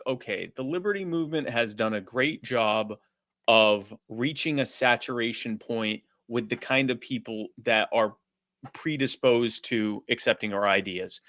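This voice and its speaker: Animated man, dry close mic. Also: mid-range voice, no room sound. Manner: animated, acts out quoted voices. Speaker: podcast guest. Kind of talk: casual interview talk.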